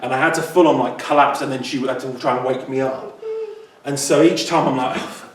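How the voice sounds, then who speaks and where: A man's voice: mid-range voice, fairly even intonation, fairly quick, noisy background. A man with an English accent co-hosting a podcast, chatting casually and joking at his own expense. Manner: chatty, self-mocking. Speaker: podcast co-host. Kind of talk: casual chat. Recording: echoey room, distant mic.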